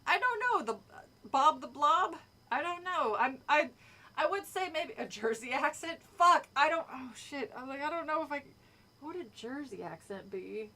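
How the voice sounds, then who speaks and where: This woman's voice sits high with a sharp tone, lively intonation and normal speed. As a streamer, she casually reads a horror book aloud, often stopping to chat, swear and laugh, and she sounds distant from the mic.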